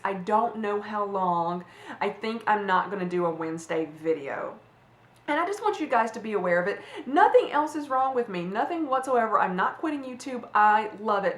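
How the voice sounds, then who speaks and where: A woman's voice: mid-range voice, fairly bright tone. Chatty woman in an echoey room. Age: 40s. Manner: rambling, chatty, many restarts and fillers. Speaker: fashion vlogger. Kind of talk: casual chat to camera. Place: room at home.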